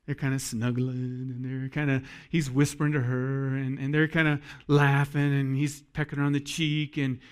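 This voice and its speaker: A man's voice: medium pitch, flat delivery, normal speed, hardly any pauses, smooth. A man preaching a sermon to husbands in a folksy, joking way that addresses the men directly. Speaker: pastor.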